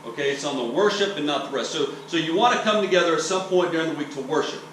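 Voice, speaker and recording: A Texas preacher delivers a teaching sermon in a conversational, explanatory style, frequently asking "okay?" and restarting sentences. His voice is fairly high, expressive, a bit bright, and he talks fast. The distant mic picks up roomy echo and faint hiss.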